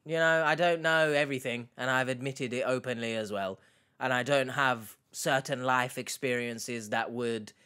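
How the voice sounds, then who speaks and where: Slow-talking, high-voiced male reaction host. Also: a bit bright. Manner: chatty, rambling with restarts, asks viewers questions. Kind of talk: casual commentary to camera.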